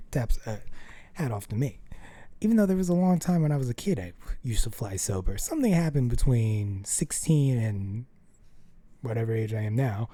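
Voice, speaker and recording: Speaking to the camera, a vlogger rambles through a personal story packed with fillers and restarts, frequently acting out quoted dialogue. Medium in pitch, the voice is warm and husky, with no echo.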